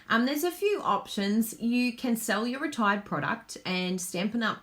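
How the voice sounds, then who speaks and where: A woman's voice: fairly high pitch, lively intonation, normal speed, a bit bright. Casting: Australian woman in her thirties, chatty craft host, bubbly, laughs easily. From Queensland, Australia. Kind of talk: casual live chat.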